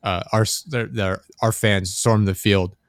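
Young man, casual podcast chat, relaxed and profane, dry close mic. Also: fairly low pitch, measured pace, no room sound. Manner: laid-back, swears freely, acts out quotes.

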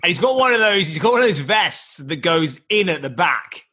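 A man's voice: high-pitched, normal speed, breathy edge. A young English man telling a story in a casual, jokey way, acting out the voices of the people in it. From England. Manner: animated, jokey, acts out quoted voices.

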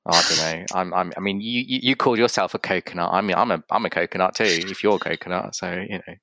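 A man's voice: sits low, fast, bright, forceful tone, slight background noise. A man with an English accent, hosting a casual podcast interview, talking reflectively with frequent restarts and acted-out quotes. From Yorkshire, England. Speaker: podcast host.

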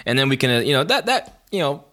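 A man co-hosting a podcast in casual chat, halting, with many restarts and fillers. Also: mid-range voice, big pitch swings, bright, forceful tone. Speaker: podcast co-host.

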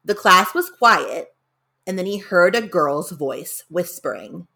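A woman's voice: lowish voice, expressive, slow pace, vocal fry, bright, forceful tone. Woman telling a story casually. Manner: conversational, loose with tenses, dramatic emphasis.

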